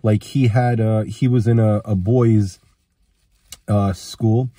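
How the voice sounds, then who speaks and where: A man's voice: fairly low pitch, fairly even intonation, takes it slowly, mellow, dry recording. A man with a cold telling a personal story in a casual, rambling way, acting out the lines of the people in it. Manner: rambling, acts out quoted dialogue. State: has a cold.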